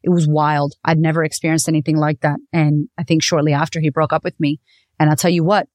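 A woman's voice: deep voice, fast, a little mellow, no echo, studio quality. Candid, profane woman podcaster. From United States. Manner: raw, profane and confessional. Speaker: podcast host. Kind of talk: candid personal storytelling.

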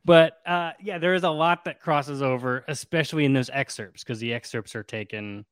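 A man hosting a casual podcast about a book, retelling it in an animated way and laughing often. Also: medium pitch, normal speed, clean tone, no room sound. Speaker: podcast host.

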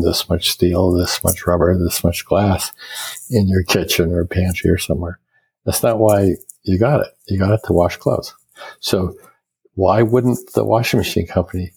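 A man's voice: sits low, vocal fry, breathy edge, rough recording. An older American man, an architect, telling stories and explaining ideas in a reflective interview. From United States. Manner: reflective, storytelling, quotes others in lively voices. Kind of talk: conversational interview.

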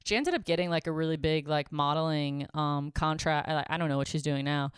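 A woman's voice: low voice, a little fast, clear, resonant tone, no room sound. Blunt candid woman telling a story. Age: 30s. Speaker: podcast co-host. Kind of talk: casual chat.

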